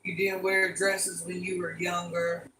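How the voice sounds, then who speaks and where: A woman's voice: lowish voice, flat delivery, unhurried, bright, forceful tone, a little hiss or hum. An older woman hosting a casual live stream, chatting with viewers and repeating requests to like and subscribe. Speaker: livestream host. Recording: echoey room, voice from far off.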